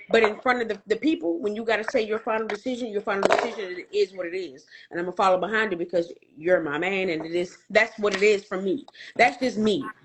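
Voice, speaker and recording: A woman's voice: medium pitch, heavy background noise. A woman on a casual podcast panel, stating her views firmly and bluntly, repeating her points. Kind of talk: casual debate chat.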